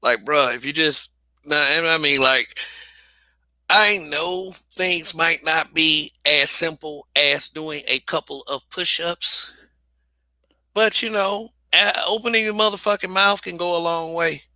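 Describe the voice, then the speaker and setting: A young man hosts his own livestream and talks straight to the camera in an unpolished, profane way, often doubling back on his words. His voice is strikingly bright and cutting, sitting a little high. The sound is dry and close, with no room echo. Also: fairly even intonation, a little slow. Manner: blunt and profane, with frequent restarts and repeated phrases. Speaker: livestream host. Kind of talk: casual livestream commentary.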